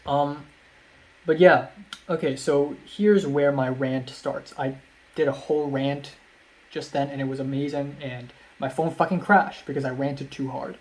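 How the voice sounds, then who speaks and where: A man's voice: mid-range voice, steady tone, a little slow, darkish tone, a little hiss or hum. A young man from Hong Kong telling a rambling, self-deprecating vlog story full of ums and repeated phrases. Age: young adult. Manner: self-deprecating, laughs at himself. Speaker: vlogger.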